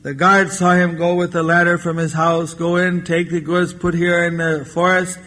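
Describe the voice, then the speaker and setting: A man voicing a wise old male village elder who speaks with calm, measured authority. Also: high-pitched. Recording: 1994 lecture tape with long hall reverb.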